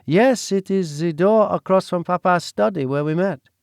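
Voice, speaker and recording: A man's voice: high-pitched, moderate pace, gravelly, a little mellow, smooth, no room sound, clean studio sound, voice pushed up. Man voicing a poised French teenage girl. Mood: matter-of-fact. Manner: poised, precise, lightly teasing. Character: clever prim fifteen-year-old French girl.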